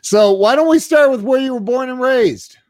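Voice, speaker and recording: A man's voice: extremely high pitch, moderate pace, noisy background. A man hosting a casual live-stream interview, jokey and chatty, greeting viewers by name. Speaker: podcast host.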